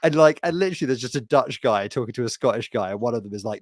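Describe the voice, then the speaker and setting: A man chatting casually on a podcast, rambling through animated stories with lots of restarts. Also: mid-range voice, racing, no echo. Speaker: podcast co-host.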